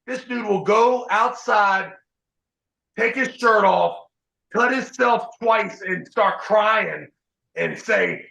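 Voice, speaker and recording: A man hosting a podcast, telling profane, animated stories in casual chat. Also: high voice, slow, gravelly, reverberant, low-quality recording. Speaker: podcast host.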